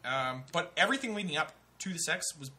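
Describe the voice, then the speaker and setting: Bright-voiced young man telling a story. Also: fairly high pitch, quick pace. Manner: animated, profane, acts out other people's voices. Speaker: storyteller on a comedy talk show. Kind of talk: casual storytelling.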